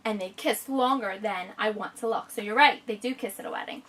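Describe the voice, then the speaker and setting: A woman teacher reading a picture book aloud to a child and stopping to explain it, slowing down to savor the descriptive lines. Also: medium pitch, a bit bright, distant mic.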